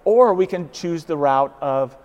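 A man's voice: on the high side, expressive, measured pace, a little mellow. A man in a casual faith discussion who speaks earnestly and often repeats words as he starts a thought.

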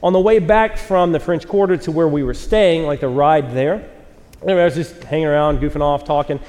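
A man's voice: fairly high pitch, fairly quick, darkish tone, big-room sound. A man in his forties, a pastor preaching a sermon to a live church audience, telling a self-mocking story in a casual way and acting out the quotes.

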